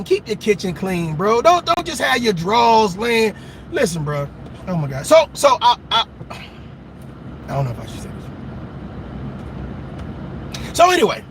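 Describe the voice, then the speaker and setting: A very high-pitched man with a bright, sharp voice tells stories in a casual monologue. His voice swings up and down as he talks, and he swears and laughs along the way. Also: a little hiss or hum, low-quality recording. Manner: animated, profane, laughs at his own stories. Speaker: commentator giving dating advice.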